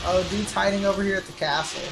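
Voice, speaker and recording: A woman's voice: medium pitch, fast talker, gravelly, low-quality recording. Foul-mouthed woman streaming a racing game. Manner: profane, excitable, trash-talking. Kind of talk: live gameplay commentary. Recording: game music underneath.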